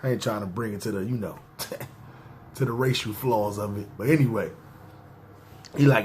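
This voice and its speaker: A man's voice: fairly low pitch, moderate pace, darkish tone, a little hiss or hum. A man, telling a personal story in slangy, casual talk and often checking "see what I'm saying". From New York. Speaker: podcast storyteller.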